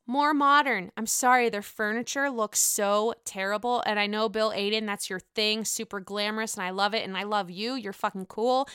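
A woman giving a casual, profane reality show recap, chatty and excitable, calling the viewer honey. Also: on the high side, smooth, dry recording, studio quality. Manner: excitable outbursts.

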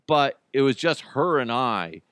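Brief: man, mid pitch, dry close mic, loose and jokey solo podcast host. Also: big pitch swings, measured pace, fairly bright tone, smooth, no room sound. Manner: rambling and joking, lots of fillers. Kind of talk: casual solo chat.

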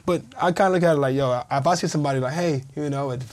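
Speaking very fast in a slightly high voice, this former pro footballer in his thirties spins a story during a casual interview. He brings it to life by performing the quoted voices of everyone involved.

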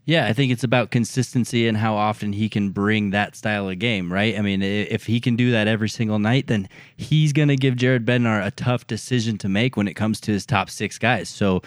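Low-voiced man, dry measured talk. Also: dry recording. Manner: measured, pauses to search for words. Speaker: sports podcast co-host. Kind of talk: casual chat.

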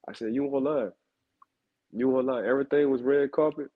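A man, talking football as a co-host at a middle pitch. He tells stories in a loose, casual way and says names over and over to drive a point home. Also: steady tone, a little fast, phone-quality sound. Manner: storytelling, repeats names for emphasis. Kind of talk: casual chat.

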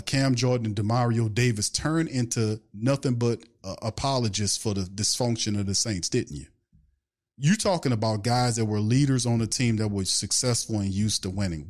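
A man hosts a casual sports fan podcast and talks in an animated rant. He fires off rhetorical questions one after another and stops to answer questions viewers send in. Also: medium pitch. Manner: takes viewer questions from chat.

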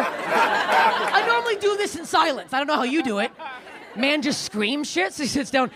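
A woman's voice: sits high, big pitch swings, fairly quick, long pauses. Crude woman comic in her thirties. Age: 30s. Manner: crude, self-deprecating, acts out shouted quotes. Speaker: stand-up comedian. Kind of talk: stand-up comedy set. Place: comedy club stage. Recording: live club with faint crowd and noise. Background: audience laughter.

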